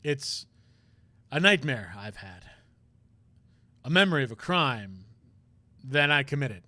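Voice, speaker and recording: A man's voice: mid-range voice, very animated, slow pace, bright, forceful tone, no room sound, heavily acted. A man voicing a stiff, gloomy male prosecutor in a visual novel read-aloud, speaking in a hesitant, half-whispered way. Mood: brooding.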